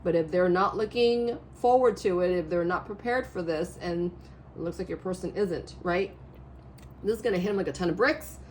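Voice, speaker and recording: A woman reading tarot cards in a rambling, animated way, her voice a little hoarse, often checking in with the listener. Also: on the low side, normal speed, a little hiss or hum. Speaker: tarot reader. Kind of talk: casual spiritual reading to camera.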